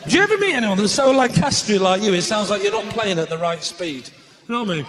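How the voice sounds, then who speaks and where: A man with a Northern English accent doing live stand-up comedy in a theatre, chatting with the audience and shouting his punchlines. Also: high voice, fast, some chatter behind. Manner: animated, shouting punchlines, acting out voices. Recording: live theatre recording with faint room noise.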